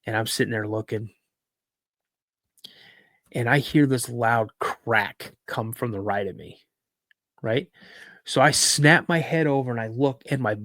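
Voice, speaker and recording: A man's voice: medium pitch, no room sound. Man telling a story, dry close sound. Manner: lively storyteller, repeats words for emphasis. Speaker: podcast guest. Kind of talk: recounting a personal encounter story.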